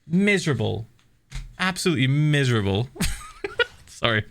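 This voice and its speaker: A man's voice: medium pitch, very animated, moderate pace, vocal fry, a bit bright, slight background noise. A man streaming a game, chatting casually and animatedly, swearing and laughing often. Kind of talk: casual livestream chat while gaming.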